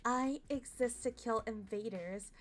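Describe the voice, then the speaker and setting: A woman reading the lines of a dutiful, cold young female soldier in a flat, matter-of-fact way. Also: on the high side, measured pace, faint music behind, natural voice.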